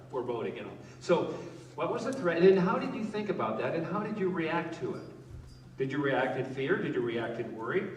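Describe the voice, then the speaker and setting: In a church hall before a live congregation, a male pastor delivers a conversational sermon, questioning and joking with the crowd. His voice sits a little high, with slight background noise. The hall is echoey and he sounds distant.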